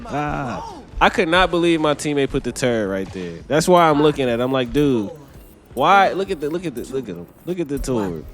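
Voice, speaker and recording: Over loud game music, a young man narrates his own gameplay for his gaming channel. He talks fast and very animatedly in a mid-range voice, staying laid-back and chatty, laughing a lot and calling people "man" and "brother."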